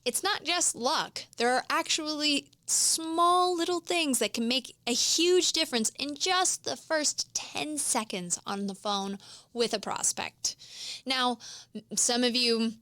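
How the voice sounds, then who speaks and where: A woman's voice: high-pitched, slow pace, sharp tone, no echo. A woman hosting a business podcast, coaching listeners in an explanatory teaching manner. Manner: coaching, explanatory, demonstrates tones of voice. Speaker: host. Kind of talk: instructional podcast monologue.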